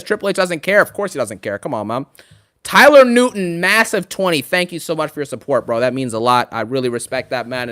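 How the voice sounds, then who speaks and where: A young man ranting casually on a live stream about wrestling, fast and animated, full of slang and fillers. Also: mid-range voice.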